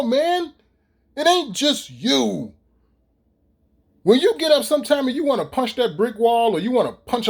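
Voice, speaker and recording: A middle-aged man, ranting profanely and animatedly straight to his viewers in a casual vlog. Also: very high-pitched. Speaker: vlogger. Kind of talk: casual ranting monologue to camera.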